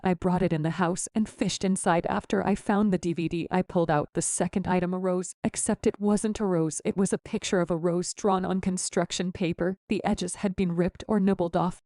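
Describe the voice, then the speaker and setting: A woman narrating horror stories in the first person, in an even storytelling manner. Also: on the low side, dry recording, clean studio sound.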